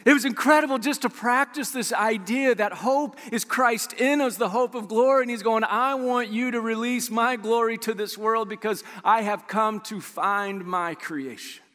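A man preaching a sermon as a pastor, animated and conversational, acting out quoted voices as he tells stories. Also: extremely high pitch, moderate pace, hardly any pauses, big-room sound.

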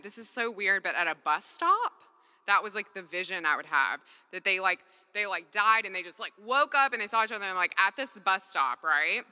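A woman's voice: medium pitch, bright, forceful tone. A woman giving an earnest, conversational faith talk from a stage, full of casual "like" fillers. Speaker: speaker at a faith gathering. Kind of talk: personal testimony talk. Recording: long reverb in a large hall.

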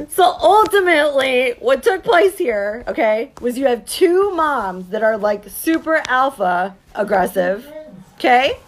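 A woman in her thirties, a mother and business owner, tells her viewers a story in an animated, emphatic way, frequently pausing to ask "okay?". Her voice is high-pitched and a little slow.

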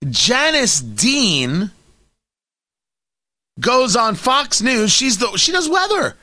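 A male talk radio host ranting through an opinionated monologue, full of sarcasm and mockery. His voice is bright and a little high, swinging widely up and down in pitch. The studio sound is dry and close. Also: very slow, no room sound. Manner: sarcastic, animated, mocking.

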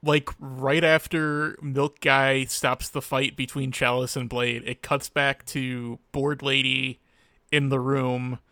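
A man co-hosting a casual podcast about a show, talking in a flat, sarcastic monotone. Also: mid-range voice, slow, dry recording. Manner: deadpan, sarcastic. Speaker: podcast co-host. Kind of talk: casual chat recapping a show.

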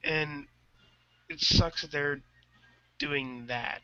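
A man co-hosting a casual podcast, blunt and quick to steer the talk. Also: fairly high pitch, steady tone, sharp tone. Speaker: podcast co-host. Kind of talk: casual chat. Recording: dull lo-fi podcast audio.

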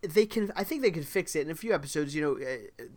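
A man co-hosting a podcast in casual chat, eager and quick to jump in. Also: on the high side, lively intonation, a little mellow. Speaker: podcast co-host.

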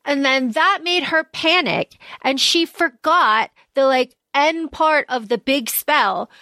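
High pitched woman rambling about a book on a podcast, lots of "like", dry sound. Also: slow pace, no echo. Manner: chatty, many fillers, animated retelling. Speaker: podcast co-host. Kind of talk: casual book discussion.

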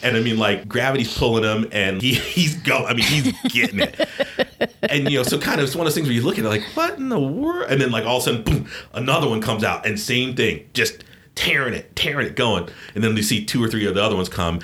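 A man co-hosting a podcast, telling a rambling, animated anecdote in casual chat. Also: medium pitch, fast talker. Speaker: podcast co-host.

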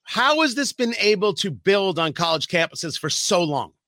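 A male talk radio host interviewing a guest, emphatic and pointed, pausing to stress his words. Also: sits high, big pitch swings, bright, forceful tone, no room sound. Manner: emphatic, reads statements aloud with pointed pauses.

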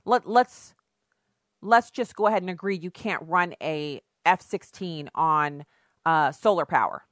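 Casting note: woman commentator, sarcastic and emphatic, lower voice, dry close sound. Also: expressive, a little slow, a bit bright, no room sound. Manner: sarcastic, emphatic, rhetorical questions. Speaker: political commentary host. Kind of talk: opinionated political commentary.

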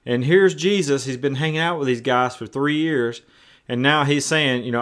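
A man delivers a sermon in a conversational, unpolished way. He often doubles back on words and restarts his sentences. His voice sits at an ordinary middle pitch. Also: normal speed, a bit bright. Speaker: preacher.

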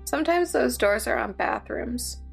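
A woman's voice: on the high side, expressive, moderate pace, vocal fry, slightly rough, soft background music. A woman tabletop player, joking and rambling as she asks questions.

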